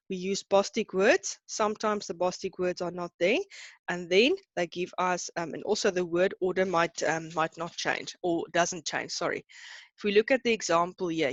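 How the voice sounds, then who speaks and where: A woman's voice: on the low side, no echo, muffled recording. A woman teaching an online class who explains terms in two languages and keeps checking that her students are following. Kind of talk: online lesson.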